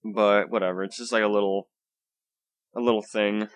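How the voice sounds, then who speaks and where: A man's voice: on the low side, flat delivery, normal speed. A young man hosting a solo podcast from home, rambling casually with lots of swearing, fillers and restarts, keeping his voice down. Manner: holds back his volume. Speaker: podcast host. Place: home room.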